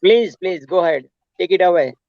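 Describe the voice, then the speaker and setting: A high-pitched man with as his hosts an online chat, effusive and full of repeated "man" and "buddy." The sound is dry and a bit dull. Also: expressive, fairly quick, dry recording. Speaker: host. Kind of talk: casual video call chat.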